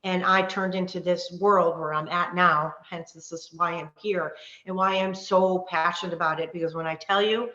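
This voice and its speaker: A woman coaching a live online workshop, talking fast, passionately and earnestly about taking back control. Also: lowish voice, fairly even intonation, sharp tone. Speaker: wellness coach. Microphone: video call. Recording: roomy, dull lo-fi call audio.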